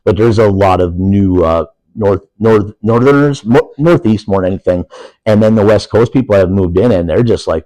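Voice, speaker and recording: A man's voice: lowish voice, normal speed, dark tone, no echo, poor audio. A middle-aged man with an Upper Peninsula Michigan accent, chatting casually as a guest, rambling and laughing easily. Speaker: wrestling guest. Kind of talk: casual podcast chat.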